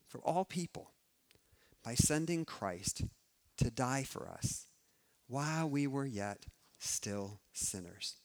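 A man preaching a sermon as pastor. He repeats key phrases and swings between loud emphatic peaks and soft, quiet endings. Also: mid-range voice.

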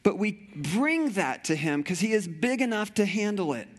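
A man's voice: sits high, big pitch swings, normal speed. A middle-aged male pastor preaching a sermon with passion, repeating phrases and often restarting sentences.

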